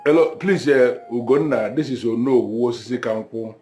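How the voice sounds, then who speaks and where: A Nigerian actor playing a worried father who is searching for his missing son, with halting, questioning speech. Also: medium pitch, darkish tone, lightly acted. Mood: anxious pleading. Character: anxious middle-aged father, fretful and pleading. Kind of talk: film drama acting. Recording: film soundtrack with faint music.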